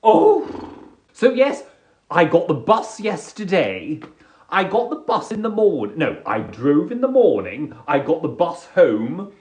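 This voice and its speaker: A man's voice: fairly high pitch, big pitch swings, takes it slowly, a little mellow. A man riffing in a casual, jokey, self-deprecating monologue on a live stream. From England. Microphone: phone or webcam on a live stream.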